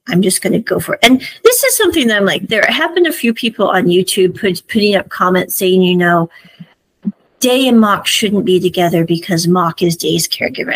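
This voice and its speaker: Chatty, husky woman podcaster. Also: mid-range voice, no echo, low-quality recording. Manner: chatty and opinionated, full of "I'm like". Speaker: podcast host. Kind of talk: casual episode recap.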